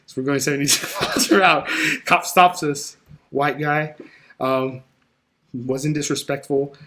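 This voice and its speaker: A man with a fairly high voice talks casually as a podcast guest. He tells stories with energy, slipping into the voices of the people in them. He speaks close to a podcast microphone. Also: unhurried. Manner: animated storyteller who acts out quoted dialogue. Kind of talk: casual conversation.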